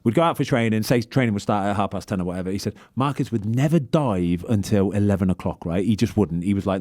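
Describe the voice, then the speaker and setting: A man's voice: fairly low pitch, quick pace, hardly any pauses, darkish tone. A man hosting a podcast, telling stories in a chatty way and laughing often. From England. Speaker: podcast host. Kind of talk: casual podcast chat.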